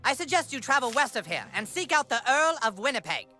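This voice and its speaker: An actor playing a pompous cartoon prince in a video game, speaking in grand, formal proclamations with deadpan asides. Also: male voice, extremely high pitch, fast talker, faint music behind, exaggerated voice. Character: pompous royal prince of a cartoon northern kingdom. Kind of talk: video game character dialogue.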